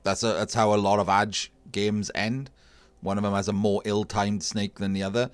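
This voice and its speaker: A man casually commentating a video game tournament match, analysing plays in a relaxed, thinking-aloud way. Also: fairly low pitch, moderate pace, clean tone, no room sound. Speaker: tournament caster.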